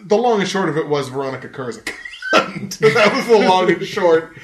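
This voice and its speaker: A man hosting a casual podcast, telling a story in a lively, profane way and laughing often. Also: high voice, normal speed, roomy sound, background noise. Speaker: podcast host.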